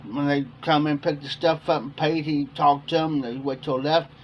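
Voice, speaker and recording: A man chats on a livestream, winding through a workplace story and circling back with "I said" over and over. His voice sits a little high for a man. A faint hum of background noise runs under the talk. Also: fairly even intonation, moderate pace, lo-fi sound. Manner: rambling, repeats "I said" while retelling. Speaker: livestream host. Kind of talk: casual storytelling to chat.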